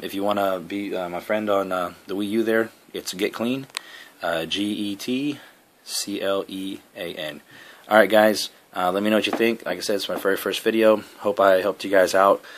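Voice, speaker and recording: A man's voice: low-pitched, fairly even intonation, a little fast, a little hiss or hum. A man giving a casual, step-by-step walkthrough of game console audio settings, repeating his points with plenty of fillers. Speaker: gaming headset reviewer. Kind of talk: casual tutorial talk to camera.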